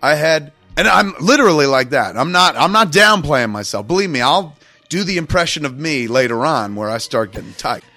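A man's voice: on the high side, expressive, fairly quick, pushed and bright, no room sound, soft background music. A man casually telling a long, rambling, profane story on a podcast, acting out what everyone said. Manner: profane, rambling, acts out quotes.

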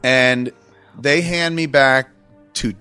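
A man's voice: mid-range voice, takes it slowly, sharp tone, clean tone, soft background music. A man casually telling a long, rambling, profane story on a podcast, acting out what everyone said. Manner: profane, rambling, acts out quotes.

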